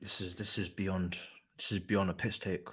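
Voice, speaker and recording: A man's voice: sits low, level tone, moderate pace. A man with hosting a live football watchalong, angry and swearing in a repetitive rant.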